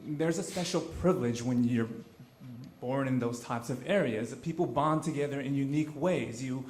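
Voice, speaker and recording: A man's voice: mid-range voice, moderate pace, darkish tone, slight background noise. A man from Los Angeles telling a true story on stage at a live event, earnest and conversational, often restarting his phrases. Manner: earnest and conversational, with frequent repeated starts. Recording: roomy live venue sound.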